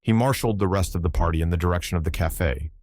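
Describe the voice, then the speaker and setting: A man reads a classic novel aloud in a low, deep voice with a measured, even delivery. The recording is close and dry, with no room sound at all. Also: no echo. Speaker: audiobook narrator. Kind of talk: scripted audiobook narration.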